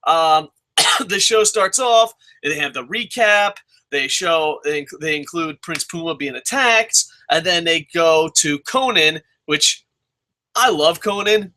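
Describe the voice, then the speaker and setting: A young man giving a casual spoken review of a wrestling show, excitable and swearing freely as he rants. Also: sits high. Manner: excitable, profane ranting.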